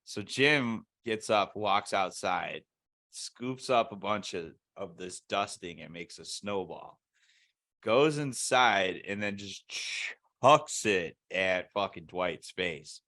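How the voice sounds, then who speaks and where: A man's voice: lowish voice, slow pace, pushed and bright. A man co-hosting a casual podcast, rambling and swearing as he retells TV scenes. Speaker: podcast co-host. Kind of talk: casual chat.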